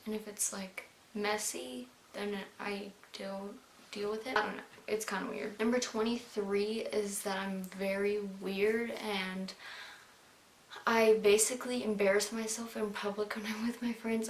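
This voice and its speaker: Young woman vlogger, casual and chatty, "like"-heavy delivery; echoey room, light hiss. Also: medium pitch. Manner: chatty, bubbly, fills with "like". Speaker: beauty vlogger. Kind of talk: casual chat to camera. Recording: roomy with faint hiss.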